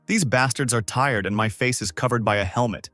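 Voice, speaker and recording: A man's voice: medium pitch, a little fast, fairly bright tone, no room sound, soft background music, natural voice. A man voicing a scheming young male gamer who mocks and gloats. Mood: bitter. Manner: mocking and gloating.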